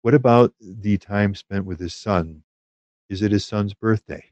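A man giving a calm, measured spiritual teaching on prayer, with small fillers and restarts. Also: fairly low pitch, dry recording.

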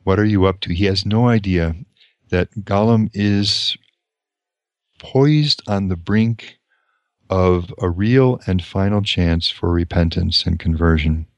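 A man reading a novel aloud and commenting on it as a lecturer, slow and deliberate. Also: sits low, no echo.

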